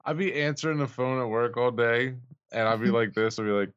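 A man's voice: mid-range voice, fairly quick, clear, resonant tone, dry recording, dull audio. A man in casual chat with friends, joking and acting out phone calls. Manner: jokey, acts out phone calls.

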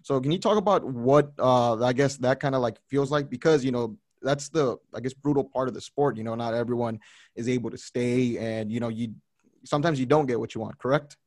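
A man's voice: mid-range voice, a little fast, no echo, clean studio sound. A man interviewing a fighter, asking long, hedging questions.

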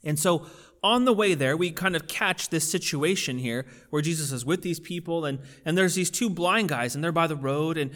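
A man's voice: a little high, moderate pace, a bit bright. A man preaching a casual, conversational sermon with plenty of fillers, building in intensity as he goes. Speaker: pastor.

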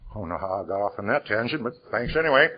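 A man's voice: fairly low pitch, expressive, rapid-fire, lo-fi sound, slight background noise. An older man from Iowa telling his life story to a conference audience, conversational and frank, with rhetorical questions. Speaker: speaker at a recovery conference. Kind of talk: personal testimony talk. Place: conference hall.

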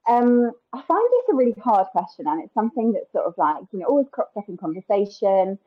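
A woman's voice: mid-range voice, very animated, brisk. A woman guest in a podcast interview, talking in a thoughtful, rambling way. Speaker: wedding planner guest. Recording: tinny phone-like line.

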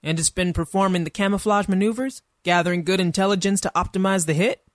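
Lady doing a gravelly old general guy, short snappy orders, dry close sound. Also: mid-range voice, steady tone, fast talker, dry recording, natural voice. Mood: impatient. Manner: curt, clipped orders. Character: gruff older male army general, blunt and impatient.

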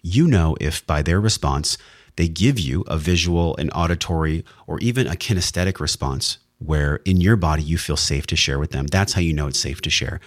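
A man's voice: a bass voice, animated, normal speed, no echo, studio quality. A man hosting a wellness podcast, speaking in an earnest, heartfelt monologue with emphatic, sometimes profane emphasis. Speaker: podcast host.

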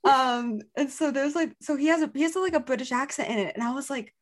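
A woman with a fairly high voice leads a casual fan chat. She gushes as she talks and fills her sentences with fillers. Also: quick pace. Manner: gushing, filler-heavy.

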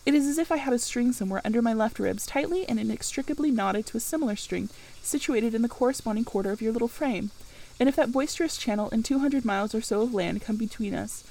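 Woman reading as a commanding brooding gentleman. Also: on the high side, vocal fry, rough recording. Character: brooding gentleman, middle-aged man, commanding.

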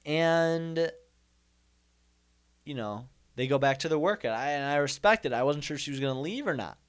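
A man's voice: a little high, expressive, moderate pace, smooth. A young man telling a comic story in a rambling monologue, repeating himself and making mock-indignant asides. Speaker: comedian host.

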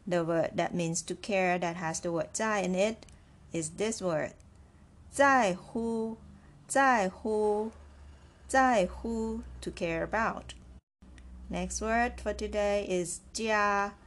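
A woman with runs a beginner lesson. She speaks very slowly and patiently, repeating each phrase three times before giving the meaning. Her voice sits at a mid pitch. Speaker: Chinese language teacher. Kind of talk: slow, clear language lesson.

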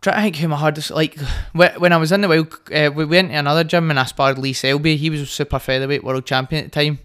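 A man's voice: on the high side, fairly even intonation, fast, a bit bright, smooth. A young man with a Scottish accent, a guest boxer telling cocky stories with a laugh in casual podcast chat.

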